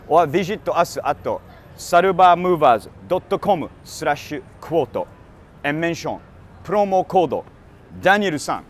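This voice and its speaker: A man's voice: sits high, a little hiss or hum, heavily acted. A man putting on a stereotyped Japanese salaryman voice, reading an ad in broken English with a stiff cadence.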